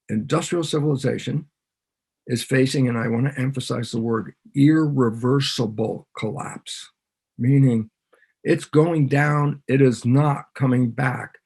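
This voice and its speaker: A man's voice: mid-range voice, gravelly, darkish tone, breathy edge. A man, a biologist guest on a podcast, explaining ideas in conversation and animatedly acting out both sides of imagined dialogues.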